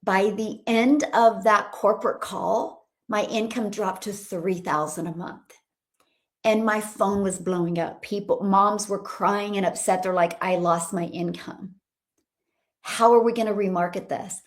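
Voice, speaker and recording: A woman's voice: medium pitch, steady tone, measured pace. A middle-aged woman hosting a livestream as a business coach, talking with upbeat, bubbly enthusiasm and calling out to viewers. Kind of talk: upbeat livestream talk reading viewer comments.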